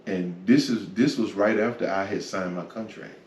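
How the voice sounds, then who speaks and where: Interviewed about his faith, this reflective storyteller in his 40s speaks at a normal speed in a very low, slightly mellow voice, often dropping in "man" and "you know." The mic is set well back in an echoey room, and faint noise can be heard.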